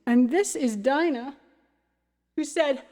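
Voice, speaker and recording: The Ontario-born woman, in her thirties or forties, talks slowly in a high, mellow voice as she hosts a cabaret livestream and sings. Between songs her casual chat rambles and restarts mid-sentence, all heard through long hall reverb and faint music.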